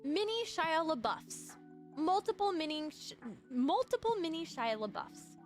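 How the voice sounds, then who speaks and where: A woman streamer chatting casually to her viewers, bubbly and excitable with sudden shrieking outbursts. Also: very high voice, unhurried, soft background music.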